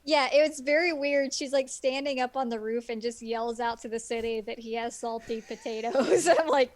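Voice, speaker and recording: Lady cohost chatting about a movie, wry jokes, kinda high voice, dry sound. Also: fairly even intonation, a little fast, no room sound. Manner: wry, joking asides, laughs easily. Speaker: podcast co-host. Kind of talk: casual chat about a film.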